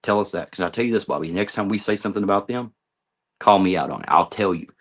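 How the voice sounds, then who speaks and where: Middle-aged man, gravelly low voice, angry confrontational vlog rant. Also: quick pace. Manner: heated, confrontational, swearing. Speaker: vlogger. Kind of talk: ranting monologue to camera.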